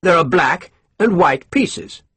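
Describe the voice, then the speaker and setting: A man voicing a suave, scheming English colonel who lectures his servant in a smooth, condescending way, in an audiobook. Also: on the high side, expressive, slow pace, fairly bright tone, dry recording, pitched above the performer's own voice, full character voice.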